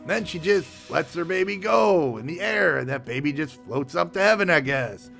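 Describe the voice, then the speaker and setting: A man giving a sarcastic comic recap of a movie, with deadpan asides. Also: a little high, moderate pace, creaky, faint music behind. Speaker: movie reviewer.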